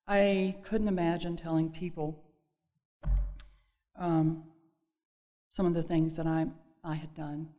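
A woman sharing her personal recovery story at a meeting, speaking earnestly and haltingly, with many fillers and restarts. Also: sits low, little pitch movement, warm tone, muffled recording. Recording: long echo of a hall.

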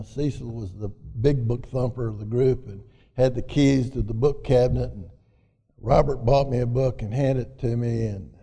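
An older Southern man from Arkansas tells a personal recovery story in a folksy, rambling way, full of "you know." His voice is gravelly, and it carries through a big hall with a long echo. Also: mid-range voice, warm tone. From Arkansas, USA. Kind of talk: personal testimony talk. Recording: echoey hall, mic at a distance.

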